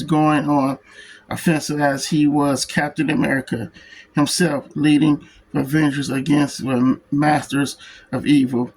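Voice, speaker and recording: A man's voice: a little high, rough recording. A man reviewing a comic book who reads its printed text aloud, stumbling and restarting on words. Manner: slow, halting reading that stumbles and restarts on words. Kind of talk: reading a book's text aloud.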